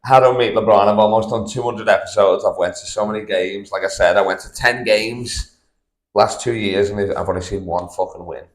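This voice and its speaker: A man's voice: fairly low pitch, a little fast. A man hosting a podcast, swearing and joking in casual banter in a kitchen. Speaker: podcast host. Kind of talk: casual chat. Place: indoors, kitchen. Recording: echoey room.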